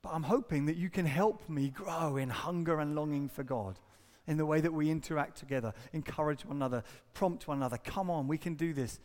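A middle-aged man, a pastor, preaching an earnest sermon and acting out quotes and stories with lively shifts. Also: a little high, brisk, hardly any pauses, big-room sound. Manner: earnest, animated storytelling with acted-out quotes.

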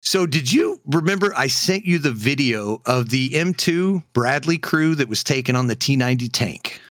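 A man co-hosting a casual podcast chat, animated and laughing often between jokes. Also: medium pitch, normal speed, dry recording, studio quality. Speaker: podcast co-host.

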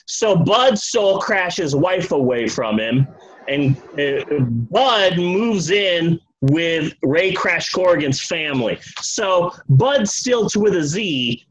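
A man's voice: fairly high pitch, sing-song, takes it slowly, breathy edge, poor audio. A man hosting a podcast, telling a true story with comedy, profanity and joking asides. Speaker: podcast host.

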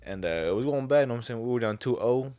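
A man's voice: medium pitch, animated, dark tone, no room sound, clean studio sound. A man co-hosting a podcast, telling stories in casual slangy talk with many restarts. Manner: fast, slangy storytelling with lots of restarts. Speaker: podcast co-host. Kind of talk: casual chat.

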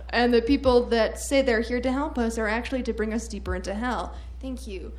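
A woman performing stand-up on a comedy stage, telling a story with deadpan mock-earnest delivery into a handheld mic. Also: fairly high pitch, moderate pace. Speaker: comedy debate contestant. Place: comedy stage with live audience.

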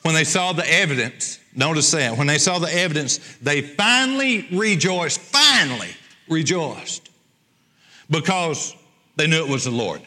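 A man's voice: a little high, expressive, unhurried, sharp tone. A male pastor preaching a sermon, emphatic and repeating his key phrases. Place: church sanctuary. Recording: long church hall reverb.

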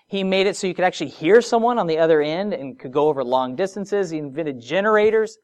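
An expressive preacher of medium pitch delivers a sermon. The delivery moves from soft, stretched phrases to emphatic rises, broken up by conversational asides and rhetorical questions.

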